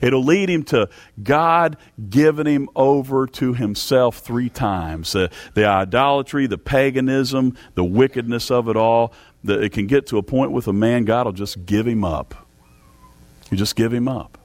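A man preaching a sermon to a church congregation, fervent, with big swings in pitch and loudness. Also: measured pace, no echo. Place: church service.

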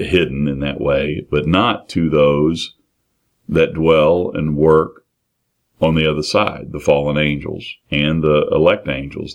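A man with a rumbling low voice preaches an expository sermon, speaking earnestly and plainly. He reads scripture aloud, then repeats and restarts phrases while explaining it.

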